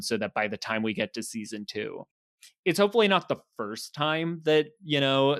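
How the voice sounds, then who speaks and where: Male co-host, bright tone, dry sound, explanatory. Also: medium pitch, no echo. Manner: explanatory, uses "like" often. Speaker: podcast host. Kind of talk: casual chat.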